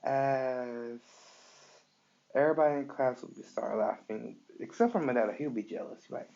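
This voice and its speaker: A man improvising a fan story aloud, halting often with fillers. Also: mid-range voice, gravelly, a little mellow. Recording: dull lo-fi recording.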